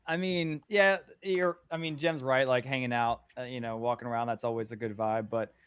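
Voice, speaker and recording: A comic creator telling stories in a lively, swearing manner, playing out everyone's lines. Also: male voice, mid-range voice, normal speed, clear, resonant tone, no echo. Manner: lively, profane, acts out quotes. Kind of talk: casual storytelling chat.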